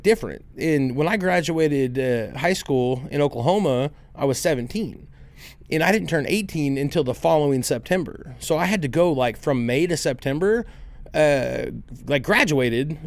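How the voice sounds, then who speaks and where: A man co-hosting a podcast, chatting in a relaxed, rambling way and laughing easily. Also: fairly high pitch, normal speed, dry recording. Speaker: podcast co-host. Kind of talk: casual podcast chat.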